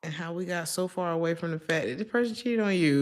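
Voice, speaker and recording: A woman's voice: fairly low pitch, fast talker, few pauses, background noise. A woman giving a casual tarot reading to her viewers, chatty and slangy, laughing often between her thoughts. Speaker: tarot reader.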